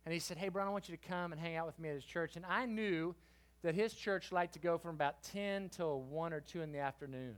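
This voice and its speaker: Brief: middle-aged man, youth preacher, higher voice, animated storytelling with loud bursts. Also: brisk. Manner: lively, swings from quiet to loud. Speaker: guest preacher. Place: church youth service.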